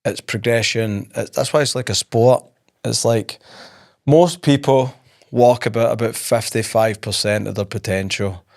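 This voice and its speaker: A man with a gravelly, creaky voice chats casually on a podcast. He rambles and jokes at his own expense while talking about coaching people. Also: medium pitch, measured pace. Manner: joking, self-mocking, rambling. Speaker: podcast host and high performance coach.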